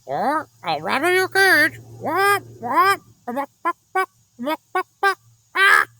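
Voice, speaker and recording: Storybook parrot, male, rude and bossy, shrill squawking voice. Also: very animated, takes it slowly, sharp tone, heavily acted. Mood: screeching.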